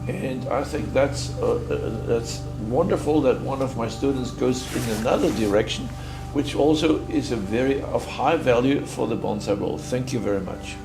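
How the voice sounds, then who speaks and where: Older non-native man as guest teacher, halting and repetitive, mid pitch, echoey room with faint music. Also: gravelly. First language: German. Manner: halting, repeats words, rambling. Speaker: guest bonsai master. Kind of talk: casual explanation. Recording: roomy echo with faint music.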